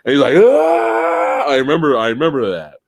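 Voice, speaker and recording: A man's voice: medium pitch, very fast, no echo. A man hosting a podcast live, chatting casually about movies and acting out scenes as he talks. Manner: animated storyteller, acts out scenes, swears. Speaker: podcast host.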